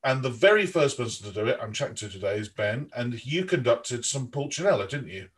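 A podcast host with a medium-pitched, sing-song voice talks fairly quickly in a casual interview. His chat rambles, with frequent restarts.

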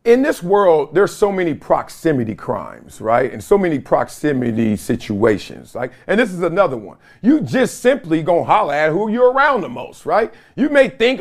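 Animated high-voiced man telling stories. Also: normal speed, few pauses. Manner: animated storytelling with laughs and mimicked voices. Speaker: host. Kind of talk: comedic solo talk show monologue.

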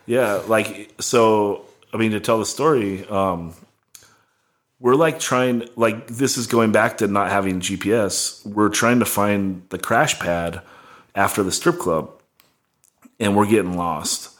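A man's voice: lowish voice, slow pace. A young man casually telling a rambling, profane tour story, full of "like" and laughs. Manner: rambling, heavy on "like", swearing, laughing.

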